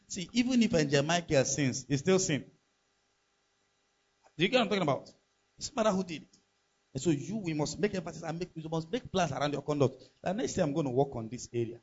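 Emphatic pastor, high lively voice. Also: male voice, slightly rough, lo-fi sound. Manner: emphatic, preaching with rhetorical questions to the congregation. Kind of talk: sermon.

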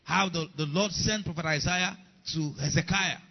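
A man's voice: fairly high pitch, normal speed, creaky, highs cut off. A middle-aged male pastor preaching a sermon, emphatic, repeating key lines and asking the congregation if they follow.

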